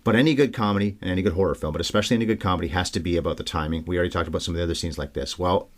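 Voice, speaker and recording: A man co-hosting a podcast, chatting casually and with energy about a film. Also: deep voice. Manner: chatty, animated, quick. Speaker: podcast co-host. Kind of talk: casual film-review chat.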